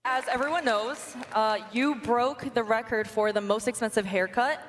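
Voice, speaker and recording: A woman's voice: fairly high pitch, steady tone, moderate pace, a little hiss or hum. A woman interviewing guests at an award show, delivering scripted banter with odd emphasis on words. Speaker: red carpet interviewer.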